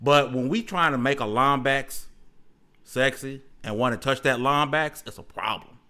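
A man hosting a gaming podcast, talking loud and excitable with lots of slang. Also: mid-range voice, normal speed. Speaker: podcast host. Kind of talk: casual chat.

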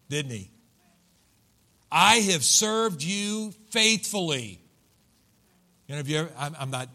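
A man's voice: medium pitch, fairly bright tone. A man preaching a sermon, retelling a story and acting out the quoted voices with animation. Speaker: pastor.

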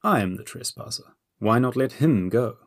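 A man's voice: mid-range voice, animated, moderate pace, vocal fry, slightly rough, dry recording, clean studio sound, pitched above the performer's own voice. A man voicing a polite, wry wizard in an audiobook, talking in a mild, understated way.

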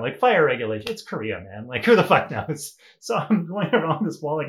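A man's voice: on the high side, animated, fast talker, hardly any pauses. A young man telling a wild story in a casual chat as a podcast guest, swearing freely and laughing often.

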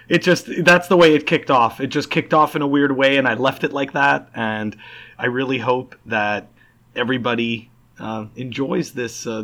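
A man's voice: mid-range voice, fairly bright tone. A man hosting a casual podcast interview, enthusiastic and rambling, with lots of fillers and restarts. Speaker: podcast host.

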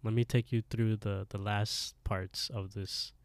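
A man's voice: lowish voice, level tone, unhurried, no room sound. A man playing a smug, sly male killer.

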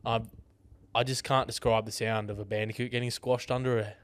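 A man's voice: medium pitch, a little fast, clean tone. Sweary Australian man telling stories. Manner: animated, sweary storytelling. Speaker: podcast co-host. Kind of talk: casual chat.

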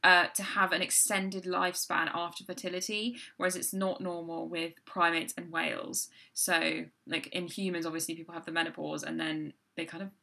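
A woman's voice: lowish voice, flat delivery, moderate pace, creaky, hardly any pauses, sharp tone. A young woman co-hosting a podcast, chatting casually in an upbeat way. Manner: upbeat, reads poll results in a mock newsreader voice. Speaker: podcast co-host. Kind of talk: casual chat.

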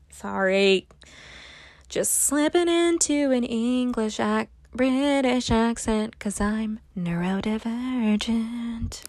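Woman in her twenties, podcast host, unhurried and rambling, dry close sound. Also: a little high, dry recording. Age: 20s. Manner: rambling, full of fillers and restarts, self-mocking, swears casually. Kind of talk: casual solo podcast monologue.

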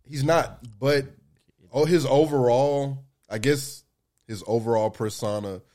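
A man's voice: medium pitch, a little mellow. A man co-hosting a podcast, blunt and joking in casual chat. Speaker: podcast co-host.

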